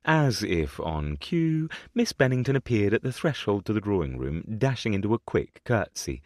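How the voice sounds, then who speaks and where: A man narrating a historical romance audiobook with an expressive, varied delivery on a close mic. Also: on the low side, normal speed, dry recording.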